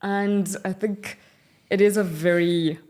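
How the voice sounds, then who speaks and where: A young woman from South Africa co-hosting a podcast, explaining ideas in an earnest, measured way. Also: medium pitch, steady tone, a little mellow. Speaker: podcast co-host. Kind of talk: casual podcast chat.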